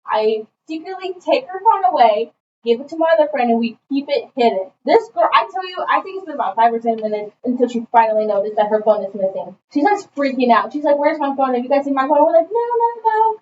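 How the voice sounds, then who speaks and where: A woman's voice: sits high, fast, a little hiss or hum. A young woman co-hosting a podcast, telling a college prank story and speaking directly to listeners. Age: young adult. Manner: animated, talks straight to listeners as "guys". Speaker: podcast co-host. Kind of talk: casual storytelling chat. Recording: echoey room, distant mic, dull lo-fi sound.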